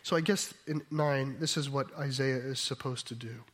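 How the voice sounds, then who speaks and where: A man's voice: mid-range voice, fairly even intonation, moderate pace, fairly bright tone. A man preaching a sermon as pastor, thoughtful and reflective, sometimes rising to emphatic declarations.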